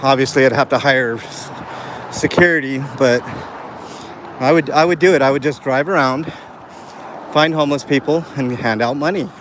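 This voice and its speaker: A man's voice: mid-range voice, normal speed, pauses often, fairly bright tone. A man talking to his live chat as he walks down a city street, rambling earnestly with lots of fillers. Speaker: live streamer. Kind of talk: walking live stream vlog. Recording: faint street noise outdoors. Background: street and traffic sounds.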